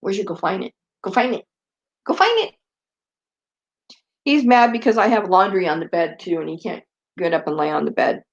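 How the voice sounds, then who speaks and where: A woman's voice: lowish voice, fairly even intonation, fast, dull audio. A woman vlogger chatting casually and rambling, often turning to talk to her dogs. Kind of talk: casual chat.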